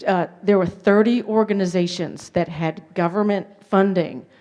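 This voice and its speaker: In a conference hall, a woman gives a keynote, recounting her story candidly with self-deprecating asides. Her medium-pitched voice is warm and runs at normal speed.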